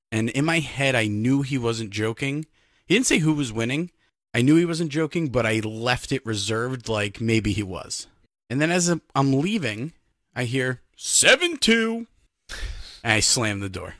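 A man in his own podcast chat, telling a story with lively emphasis. His voice sits at an ordinary pitch and sounds dry, close to the mic with no room around it. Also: no room sound. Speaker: podcast co-host. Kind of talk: casual chat.

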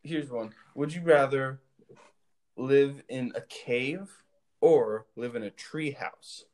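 A man's voice: medium pitch, takes it slowly, a little mellow. A man chatting on a podcast, giggly and hesitant. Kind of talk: casual chat.

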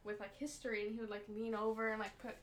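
A woman's voice: a little high, level tone, fast, noisy background. A young woman co-hosting a podcast, telling a story full of "like" fillers in casual chat. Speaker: podcast co-host. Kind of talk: casual chat among friends.

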